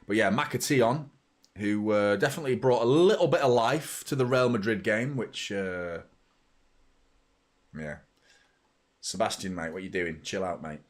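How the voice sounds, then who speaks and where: With a fairly low voice at normal speed, this fan channel host pauses often while commentating a live football watchalong. His commentary swings between sweary, blunt fan chatter and play-by-play.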